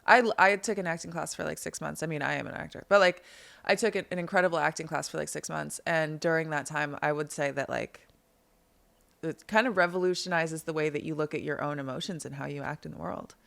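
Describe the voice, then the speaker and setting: A woman hosting a podcast in casual chat, bubbly and gushing, quick to laugh. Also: low voice, steady tone, vocal fry, fairly bright tone. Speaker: podcast host and actor. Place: design showroom, indoors.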